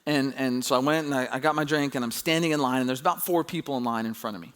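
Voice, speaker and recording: Animated storytelling male pastor. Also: fast talker. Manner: animated storytelling, rising high and loud when excited. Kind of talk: sermon.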